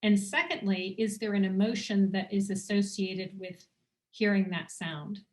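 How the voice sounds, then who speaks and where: A woman teaching on a video call, leading a guided breathing exercise with slow, soothing instructions and pauses. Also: mid-range voice. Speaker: dowsing teacher.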